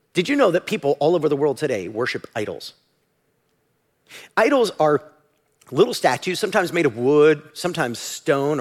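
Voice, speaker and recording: A man preaching a sermon as pastor, animated and at times shouting. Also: fairly high pitch.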